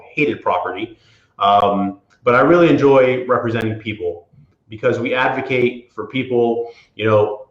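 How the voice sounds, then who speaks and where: A man's voice: medium pitch, a bit bright. A man from the Florida Panhandle, an attorney and guest, talking casually with many fillers and restarts. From Florida Panhandle, USA. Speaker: property insurance attorney, guest. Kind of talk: casual interview talk. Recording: roomy, dull lo-fi sound.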